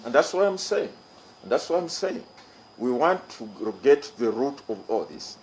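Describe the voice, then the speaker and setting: A middle-aged man with a Ugandan English accent delivers an official statement to reporters. His voice sits at an ordinary pitch and he speaks in a measured, formal way, stressing his points by saying them again. A faint hiss runs underneath. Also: big pitch swings, darkish tone, rough recording. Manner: formal, emphatic, repeats key phrases. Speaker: electoral commission chairman. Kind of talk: press conference statement.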